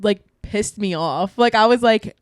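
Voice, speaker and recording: Twenties girl giggling through podcast chat, normal pitch, super dry mic. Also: a little slow, no echo. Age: 20s. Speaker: podcast co-host. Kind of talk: casual chat.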